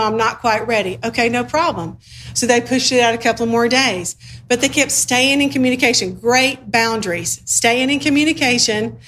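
A woman's voice: a little high, a bit bright, slight background noise. A woman preaching a sermon in a conversational, humorous way, acting out little dialogues as she teaches.

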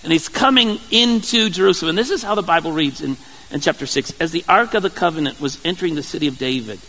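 A male preacher with a high voice delivers a sermon in a conversational manner. He often stumbles and repeats words. His voice carries a long hall reverb. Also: fast, a bit bright. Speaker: pastor.

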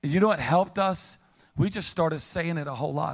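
A middle-aged male pastor preaches with a slightly high, gravelly voice that rings through a church's long reverb. He tells humorous stories and calls out to the congregation for responses. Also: brisk. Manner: humorous, animated storytelling with call-and-response. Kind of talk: sermon. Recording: long reverb of a large hall.

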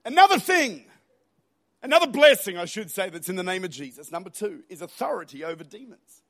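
High-voiced Australian male preacher. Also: a little fast. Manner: energetic, humorous, rises to shouting at high points. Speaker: pastor. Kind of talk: sermon. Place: church auditorium.

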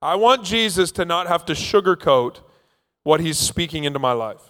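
High-voiced preacher in a reverberant hall. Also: male voice, expressive, normal speed, a bit bright. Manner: playful storytelling, acting out scenes. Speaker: pastor. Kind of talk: sermon. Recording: long reverb of a large hall.

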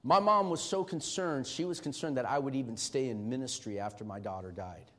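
A middle-aged man preaching a sermon as pastor, emphatic and swinging from shouting to hushed tones. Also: mid-range voice, a little fast.

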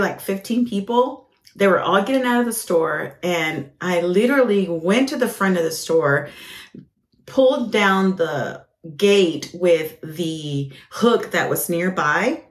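A woman hosting a ministry podcast, telling a personal testimony with lively acted-out quotes and plenty of fillers. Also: medium pitch, echoey room. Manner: animated storyteller, acts out quoted voices, frequent fillers.

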